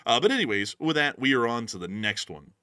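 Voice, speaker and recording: Brief: male livestream host, bright forward tone, laughs a lot, reads out the same sign-off lines, close dry mic. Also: mid-range voice, very animated, fairly quick, clean tone, no room sound. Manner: jokey, laughs often, repeats sign-off phrases. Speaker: news show host. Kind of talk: casual livestream chat.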